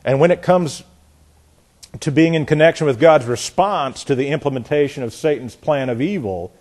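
A male preacher with a voice a touch higher than most men's. He talks through his sermon conversationally, stumbles over his words and starts again, and lets out a chuckle here and there. He leans in harder and grows more forceful as his point builds. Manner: conversational, with repeated restarts and chuckles.

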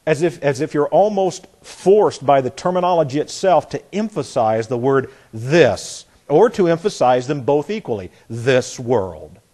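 Middle-aged male Bible teacher, husky, animated delivery, folksy sermon style with read-aloud examples. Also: fairly high pitch, normal speed, hardly any pauses. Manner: folksy, repeats phrases, demonstrates by reading aloud.

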